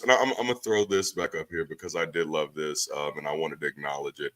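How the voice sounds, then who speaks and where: Deep bright-voiced man hosting. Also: fairly even intonation, fast, few pauses, a little hiss or hum, poor audio. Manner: enthusiastic, laughs often. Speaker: host. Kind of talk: live group discussion.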